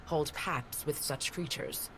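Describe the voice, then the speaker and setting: A calm, grave tribal elder. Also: female voice, low voice, slight background noise. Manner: measured and grave. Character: calm, weathered older woman tribal leader. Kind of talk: game voice acting. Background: game music.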